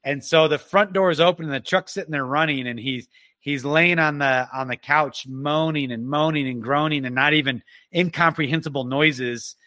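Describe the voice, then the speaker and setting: Bright, earnest man telling a testimony. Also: fairly high pitch, dry recording. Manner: earnest, halting, with frequent restarts. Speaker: guest telling a personal story. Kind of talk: emotional personal testimony.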